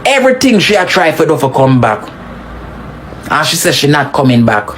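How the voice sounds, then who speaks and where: A woman's voice: very animated, moderate pace, a little hiss or hum. Scolding Jamaican woman in patois. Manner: scolding, emphatic, swings pitch widely. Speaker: social media commentator. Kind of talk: animated patois commentary.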